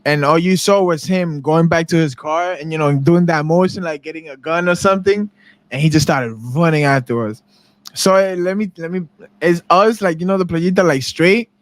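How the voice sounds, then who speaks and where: A man's voice: fairly high pitch, normal speed. A young man co-hosting a podcast, telling a street story in casual chat and acting out the people he quotes. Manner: animated storyteller acting out quotes in different voices. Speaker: podcast co-host.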